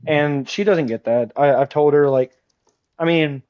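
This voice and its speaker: A man's voice: a little high, measured pace, no room sound, muffled recording. A young adult man streaming a game, telling a rambling personal story in casual chat and swearing now and then. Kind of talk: casual livestream chat while gaming.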